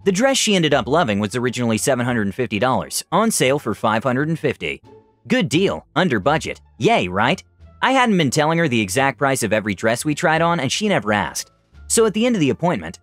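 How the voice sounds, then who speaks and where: A man's voice: mid-range voice, a bit bright, no room sound. Man telling a story with sarcastic asides. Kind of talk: narrating a first-person story.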